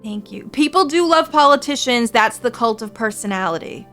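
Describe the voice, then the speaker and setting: A woman's voice: on the high side, expressive, normal speed, a bit bright, faint music behind. Streamer, woman in her 40s, earnest reassuring chat, salty language. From United States. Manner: earnest, reassuring, swears freely. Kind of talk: casual chat to stream viewers.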